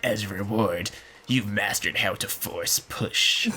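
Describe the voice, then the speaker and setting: Man playing a sinister old farm woman, raspy, smoker-like, very deep, harsh and tense. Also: bright, forceful tone, soft background music, heavily acted. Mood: gloating. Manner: menacing, drawn-out villain delivery.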